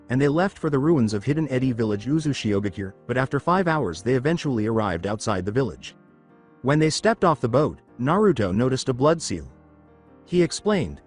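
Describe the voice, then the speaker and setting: A man narrating a fan-made story in a steady read-through, over faint background music. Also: mid-range voice, a little fast.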